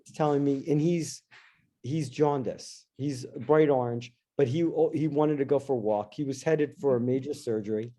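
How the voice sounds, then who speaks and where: A middle-aged man, a guest in an interview, telling a personal story in an animated, casual way and acting out his own past lines. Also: medium pitch, normal speed. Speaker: interview guest, dentist and investor.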